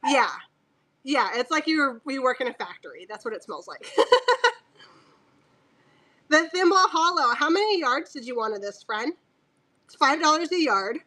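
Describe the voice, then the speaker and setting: High-voiced woman selling fabric live. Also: sing-song, normal speed, pauses often, bright, forceful tone. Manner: chatty and joking, laughs often, talks aside to her dog. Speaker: fabric seller on a live auction stream. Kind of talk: casual live-stream selling.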